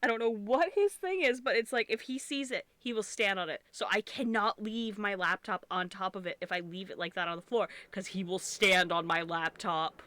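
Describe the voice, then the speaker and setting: A woman's voice: medium pitch, moderate pace, few pauses, pushed and bright, dry recording. A young woman streamer, congested and sniffling, chatting casually and rambling while she crochets, swearing freely and restarting her sentences.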